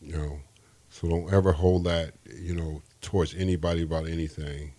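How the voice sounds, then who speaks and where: A man's voice: low-pitched, steady tone, moderate pace, dark tone. A man as an interview guest, telling an earnest, rambling faith testimony and often restarting his sentences.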